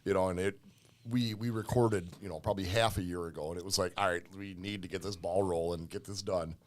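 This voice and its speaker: A man's voice: low-pitched, fairly even intonation, fairly quick. A man co-hosting a podcast, laid-back and swearing in casual chat. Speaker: podcast co-host.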